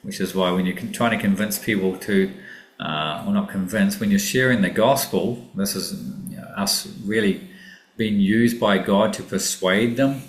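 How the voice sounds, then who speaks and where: A man with a low voice walks through Greek vocabulary in a relaxed classroom manner, pausing with ums and correcting himself along the way. He sounds like he is in a room with plenty of echo. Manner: unhurried, thinking aloud, many ums and self-corrections. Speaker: Greek teacher. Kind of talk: casual classroom lesson. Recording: echoey room.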